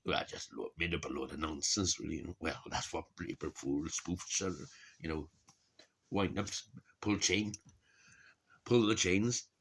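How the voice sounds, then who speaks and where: A man's voice: low voice, moderate pace, creaky, a bit bright, husky. A middle-aged man from Wales, rambling and grumbling to camera, swearing a lot and laughing at his own remarks. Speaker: vlogger. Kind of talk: rambling casual monologue.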